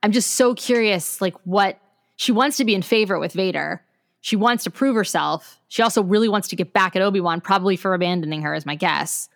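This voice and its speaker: A woman co-hosting a podcast, speaking at an ordinary middle pitch. She talks in loose, chatty runs strung together with "like". The recording is close and dry, with no room sound. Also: brisk, vocal fry, dry recording. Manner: chatty, strings thoughts together with "like". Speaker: podcast co-host. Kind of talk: casual chat.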